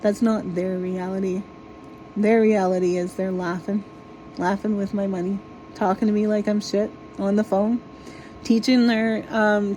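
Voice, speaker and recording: A woman's voice: mid-range voice, mellow, a little hiss or hum, rough recording. A woman vlogger in an exasperated, casual ranting monologue, swearing freely.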